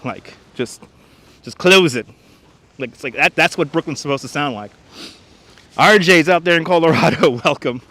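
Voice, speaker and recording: A man's voice: fairly high pitch, animated, normal speed, sharp tone, dry recording. A man hosting a casual live stream from a winter beach on a clip-on mic, chatting and reading out viewer comments. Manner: chatty, reads out viewer comments, slips into put-on voices. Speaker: livestream host. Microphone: wireless clip-on mic.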